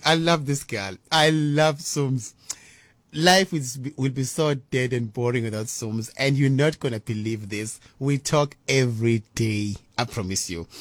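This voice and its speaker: A man presenting a live radio show, gushing and quick to laugh. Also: mid-range voice, no echo. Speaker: radio host.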